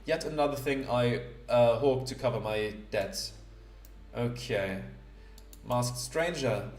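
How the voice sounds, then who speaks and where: A man narrating his playthrough of a game in casual commentary, halting and self-deprecating, with many fillers. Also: medium pitch, darkish tone, soft background music. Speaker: let's play host. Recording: roomy echo.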